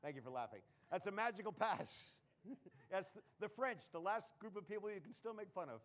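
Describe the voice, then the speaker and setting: Punning comedy magician, high-voiced man. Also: fairly quick, a bit bright. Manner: punning, self-mocking, jokey. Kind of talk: live stage magic patter. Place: live theater stage.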